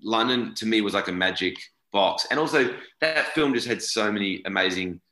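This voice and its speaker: Australian man, 40s, very deep and bright-toned; rambling interview guest in an echoey room. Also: expressive, moderate pace. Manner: rambling, self-correcting, repeats words. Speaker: actor guest. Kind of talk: casual interview chat.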